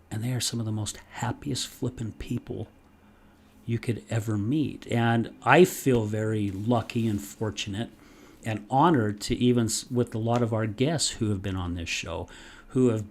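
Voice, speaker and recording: Man, podcast host, casual storytelling, emphatic, mid-pitched voice. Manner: animated, emphatic, swears casually.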